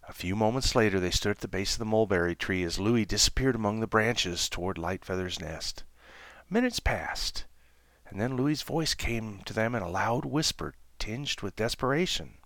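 A man hosting a podcast, reading a children's novella aloud in a measured storytelling manner. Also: on the low side, animated, a bit bright, no echo. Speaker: podcast host.

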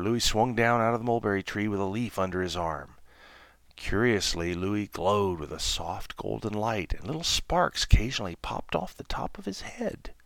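A man hosting a podcast, reading a children's novella aloud in a measured storytelling manner. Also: lowish voice, creaky, a bit bright, no room sound, clean studio sound. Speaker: podcast host.

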